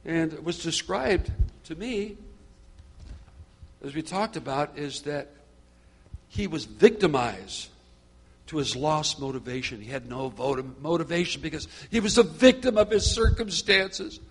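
A middle-aged man shares and preaches to a small church group. His voice sits a little high. He talks conversationally, then builds into fervent, repetitive exhortation. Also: expressive, unhurried, husky. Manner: conversational, grows fervent and preachy, repeats phrases. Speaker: group leader.

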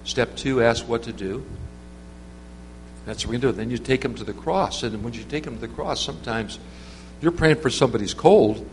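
A man's voice: mid-range voice, normal speed. Guy rambling through a casual sermon, long hall echo, faint hum behind. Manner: rambling, conversational, with many restarts and fillers. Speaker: preacher. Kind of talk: informal sermon with storytelling.

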